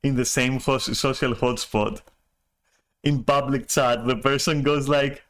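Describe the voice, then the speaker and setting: A man's voice: medium pitch, fairly even intonation, unhurried, fairly bright tone. A man telling a story on a stream in a rambling, profane way, full of restarts and chuckles. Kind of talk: casual storytelling rant.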